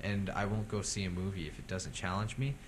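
A blunt man with a low voice airs strong opinions about movies in casual talk. A faint rumble sits under his speech. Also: fairly even intonation, brisk. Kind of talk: casual film debate.

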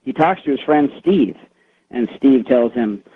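A man's voice: medium pitch, animated, measured pace, slightly rough. A man calling in to a radio show, telling a secondhand eerie story in a rambling way with lots of fillers. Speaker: caller. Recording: tinny phone line on radio.

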